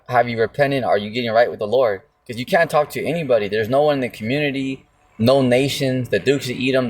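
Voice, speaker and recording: A man teaching the Bible in a casual, slangy way, peppering his talk with "see?" and "you know?" and slowing right down to read verses aloud. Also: mid-range voice. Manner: slow, drawn-out emphasis when reading scripture verses. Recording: mic at a distance with faint music behind.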